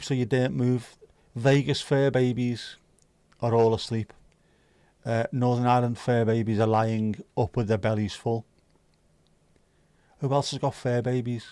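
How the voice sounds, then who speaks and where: A man's voice: medium pitch, flat delivery, a little slow, long pauses, warm tone, smooth, no echo. A man hosting a livestream, chatting casually with viewers and teasing them. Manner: joking, teasing, chatty banter. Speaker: livestream host.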